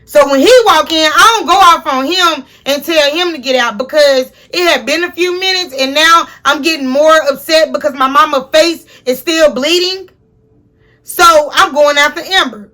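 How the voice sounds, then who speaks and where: A young woman telling a personal story to her viewers in a casual, profane, animated way. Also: high-pitched. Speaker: storyteller host.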